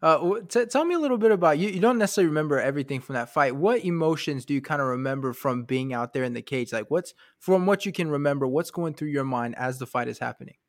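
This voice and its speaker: A man's voice: fairly high pitch, expressive, quick pace, hardly any pauses, no room sound, clean studio sound. A man hosting a podcast, asking questions casually and laughing along with his guest. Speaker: podcast host. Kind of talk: casual interview.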